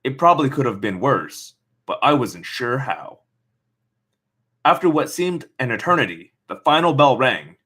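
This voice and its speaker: A man's voice: mid-range voice, big pitch swings, moderate pace, sharp tone, husky. A man reading a novel aloud and breaking off for sarcastic comments on the text. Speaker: reader.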